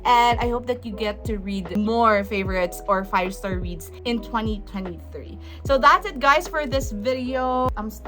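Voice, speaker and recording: A young woman reviewing books in a casual vlog, effusive and emphatic, repeating words for stress. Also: mid-range voice. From Philippines. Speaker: book vlogger.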